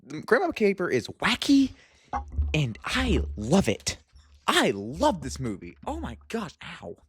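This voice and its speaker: A young man talks through a casual movie review vlog, gushing and full of fillers. His pitch leaps up and down as he gets worked up. The sound is dry and close, with no room around it. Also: a little slow, husky, no room sound. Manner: excitable, gushing, lots of "like". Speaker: movie vlogger.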